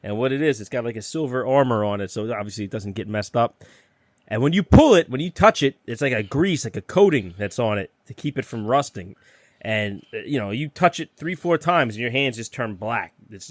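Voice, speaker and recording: A man's voice: medium pitch, lively intonation, brisk, dry recording. Brief: union-electrician man hosting a podcast, loose and profane, dry sound. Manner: profane, laughing storyteller. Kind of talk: casual chat.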